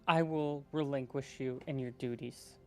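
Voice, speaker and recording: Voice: mid-range voice, steady tone, measured pace, soft background music, lightly acted. A player voicing a young male monster-hunter apprentice, eager and self-assured. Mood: confident.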